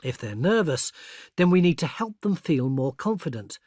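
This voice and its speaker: Lively older male narrator, dry studio sound. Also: on the high side, moderate pace, no echo. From England. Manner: clear, patient explaining with example phrases spoken kindly. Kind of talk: scripted educational narration. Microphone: close studio mic.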